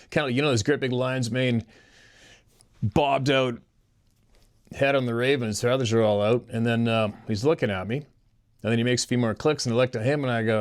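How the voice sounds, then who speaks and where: A man's voice: mid-range voice, fairly even intonation, moderate pace, long pauses. A man hosting a show, telling odd personal stories in a rambling way and chuckling as he talks to his listeners. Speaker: host reading listener stories. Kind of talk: casual storytelling.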